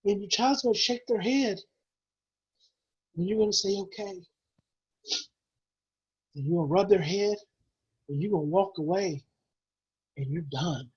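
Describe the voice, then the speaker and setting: A man's voice: high-pitched, animated, moderate pace, long pauses, a little mellow, husky, highs cut off. A man presenting a parenting webinar, urging parents on in an emphatic, repetitive, preacher-like way. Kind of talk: impassioned webinar teaching.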